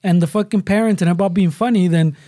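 A man's voice: sits high, fast, warm tone, no room sound. A man and parent, telling a story in a rambling, profane, casual way with lots of Spanish slang mixed in. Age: adult parent. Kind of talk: casual chat.

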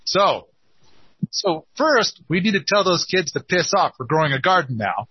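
Man, host, casual chat, husky, fairly high voice, dull lo-fi dry sound. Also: very animated, normal speed, no room sound. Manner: playful, teasing.

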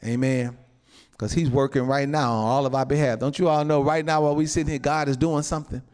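A male pastor preaching a sermon, animated, often calling out to the congregation and breaking into shouts and laughs. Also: medium pitch, fast, clear, resonant tone. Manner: calls out to the congregation.

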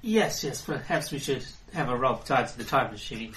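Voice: mid-range voice, lively intonation, normal speed, a bit bright, reverberant. A player in a tabletop game, chatting casually with wry remarks. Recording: distant, noisy room.

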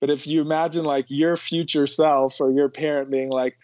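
A man's voice: a little high, little pitch movement, normal speed, darkish tone, no echo. A man speaking as a podcast guest in a reflective, conversational way, often laughing between thoughts. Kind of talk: conversational interview. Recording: dull, lo-fi dry sound.

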